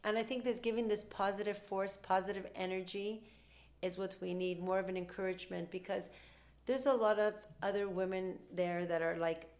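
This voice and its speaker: Fast-talking, animated woman podcast host. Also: mid-range voice. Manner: rapid, animated talk, acting out quoted dialogue. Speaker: mother. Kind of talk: casual conversational storytelling.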